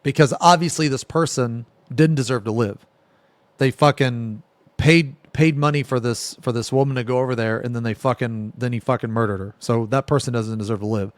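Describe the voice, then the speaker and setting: A man's voice: medium pitch, moderate pace, no echo. A man streaming, giving blunt, profane, heated reaction commentary in casual talk.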